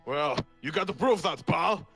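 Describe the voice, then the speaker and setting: A man's voice: fairly high pitch, lively intonation, moderate pace, creaky, fairly bright tone, slightly rough, faint music behind. A man playing a tabletop game, talking in character with brash, swaggering banter. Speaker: player. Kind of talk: in-character tabletop role-play.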